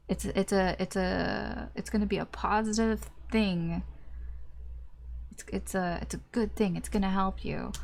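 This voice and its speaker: A woman's voice: mid-range voice, steady tone, moderate pace. A young woman giving a casual tarot reading, chatty and full of fillers, acting out little reactions as she goes. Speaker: tarot reader.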